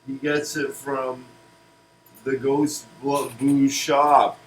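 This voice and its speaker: A man pitching a cartoon series in casual comedic chat, rambling and restarting words. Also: level tone, drawn-out words, a little hiss or hum, low-quality recording. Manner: rambling, restarts words, laughs at own jokes.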